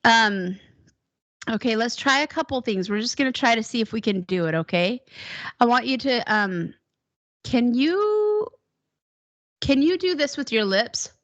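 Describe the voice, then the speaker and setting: A woman teaching a one-on-one singing lesson, encouraging her student and demonstrating high whoops. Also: animated, moderate pace, a bit bright, dull audio.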